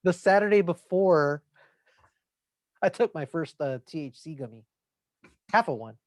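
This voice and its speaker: A man's voice: fairly high pitch, lively intonation, a little slow, no room sound, studio quality. Profane young man telling a rambling story. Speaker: podcast co-host. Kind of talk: casual chat.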